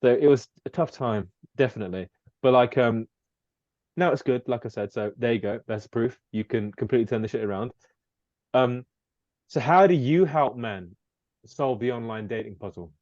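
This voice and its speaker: Male podcast host, average pitch, casual and profane; dry, dull lo-fi audio. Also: moderate pace, darkish tone, no echo. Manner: loose, profane, candid.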